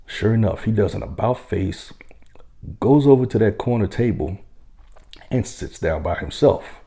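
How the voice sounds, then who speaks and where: A man with a very low voice tells a story from his time among veterans. His tone is dark and gravelly, and his delivery is easygoing and conversational, broken by the odd chuckle. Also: animated. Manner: unhurried, conversational, with occasional chuckles. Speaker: military veteran telling a story. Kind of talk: casual spoken storytelling.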